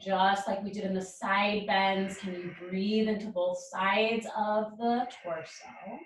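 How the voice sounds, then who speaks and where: A woman leading a yoga class, calling out poses and breaths in calm, encouraging cues. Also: medium pitch, slow pace, far from the mic. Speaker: yoga instructor. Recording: roomy echo, speaker away from mic.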